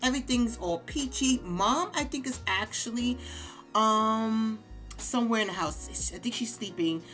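A woman hosting a casual game let's play, chatting to viewers and reacting out loud to the game. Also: fairly high pitch, measured pace, soft background music.

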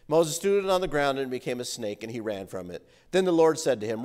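A male pastor preaching a sermon, animated as he reads scripture and comments on it. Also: medium pitch, fairly quick. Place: church sanctuary. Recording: reverberant church hall.

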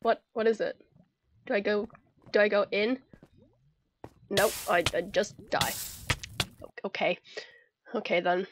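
A woman's voice: medium pitch, fairly even intonation, a little slow, long pauses, noisy background. A young Irish woman giving chatty, giggly commentary to herself while playing a video game. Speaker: gamer. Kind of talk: casual gameplay commentary.

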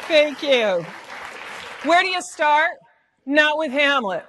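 High-pitched American woman, playful stage presenter who performs the quotes. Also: big pitch swings, slow pace, long pauses, a bit bright, a faint crowd, a little hiss or hum. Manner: playful, theatrical, acts out lines. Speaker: speaker at a live talk event. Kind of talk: lively presentation talk. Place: auditorium stage.

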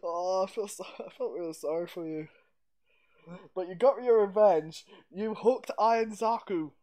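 A man's voice: high-pitched, moderate pace, darkish tone. A man hosting a casual gaming stream on a headset, chatting with a friend and laughing often as he talks. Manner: giggly, laughs often while talking. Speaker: streamer host.

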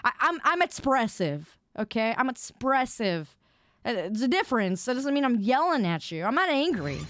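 A woman streamer chatting casually with her viewers, loud and expressive, quick to protest and tease. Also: a little high, no room sound, studio quality.

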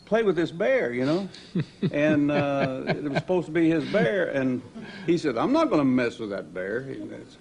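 A man's voice: fairly high pitch, vocal fry, darkish tone, a little hiss or hum. Older man telling a chuckling old anecdote. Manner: rambling, chuckling storyteller. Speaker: interviewed cowboy film star. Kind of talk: archival anecdote.

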